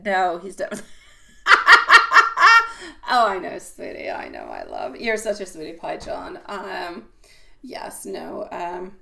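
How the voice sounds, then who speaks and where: A woman hosting a live tarot stream, chatting casually with viewers and calling them sweetie and my love, swinging from loud exclamations to soft asides. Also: fairly low pitch, sing-song, moderate pace, vocal fry.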